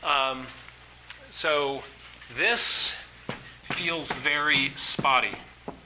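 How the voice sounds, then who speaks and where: A man's voice: mid-range voice, steady tone, very slow, noisy background. A man teaching an art workshop, talking in an enthusiastic, conversational way with frequent fillers. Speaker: art instructor. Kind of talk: workshop lecture.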